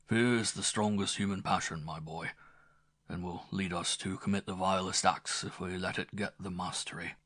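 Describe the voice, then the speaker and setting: A man playing a grave, kindly older gentleman speaking to a young man. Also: low-pitched, fairly even intonation, normal speed, no echo, clean studio sound. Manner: grave, fatherly.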